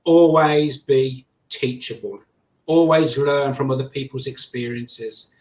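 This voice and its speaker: A podcast guest from England, with an English accent, tells his stories animatedly in a slow, mid-range voice. He acts out the quotes of other people as he goes, in conversational storytelling recorded with a roomy echo.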